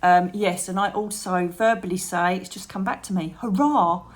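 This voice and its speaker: A woman chatting to camera about meditation as a psychic medium and channel host, animated, calling viewers darling and trailing off mid-thought. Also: fairly low pitch, moderate pace. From England. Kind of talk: chatty advice vlog to camera.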